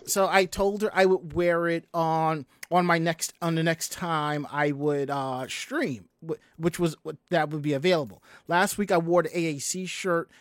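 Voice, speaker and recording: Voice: mid-range voice, dry recording. A podcast host chatting casually in a rambling way, with lots of restarts and asides. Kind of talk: casual chat.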